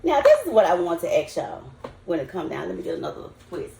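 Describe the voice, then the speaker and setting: Her voice sits fairly low, swoops wildly, and comes out fast, creaky and mellow. An older Southern American woman, she cooks at home and talks to viewers in a casual, folksy vlog recorded in an echoey, spacious kitchen.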